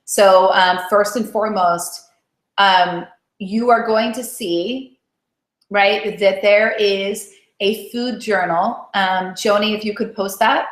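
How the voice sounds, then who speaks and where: A slow, medium-pitched woman with fairly even intonation leads a motivational live call as a weight-loss coach. Her style is chatty and encouraging, and she keeps checking in with "right?". The recording has a roomy echo.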